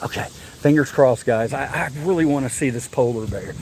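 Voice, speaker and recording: A man's voice: mid-range voice, moderate pace, a little hiss or hum, rough recording. A man vlogging casually outdoors at a zoo, joking, chatting to viewers and now and then swearing. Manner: chatty, joking, swears and yells animal names. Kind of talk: casual vlog walkthrough.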